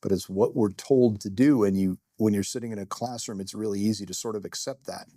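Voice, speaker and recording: A middle-aged security guard recounts a story in a candid, self-mocking way, with plenty of "uh" and "you know." His voice sits fairly low and sounds mellow and relaxed. The recording is dry and close. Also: a little fast, no room sound. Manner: candid, self-deprecating, rambling with fillers. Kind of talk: first-person storytelling.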